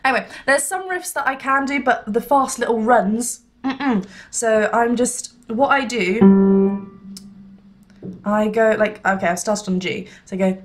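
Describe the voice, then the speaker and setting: A woman's voice: on the high side, unhurried, loud music behind the voice. A young woman, a singing teacher, chatting casually to the camera at home, rambling and laughing with lots of fillers. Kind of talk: casual vlog chat.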